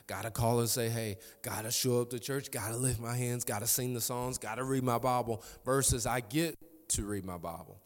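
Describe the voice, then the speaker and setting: A man in his thirties preaching a sermon, telling family stories with emphatic repetition. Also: medium pitch. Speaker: pastor. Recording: reverberant church hall.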